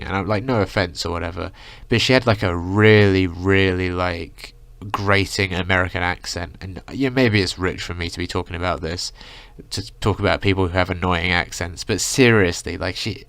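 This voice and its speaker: Young man, casual storytime rant, low gravelly voice, rambling, dry close sound. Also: a bit bright, no echo. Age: young adult. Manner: rambling, full of "like" and "you know". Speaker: vlogger.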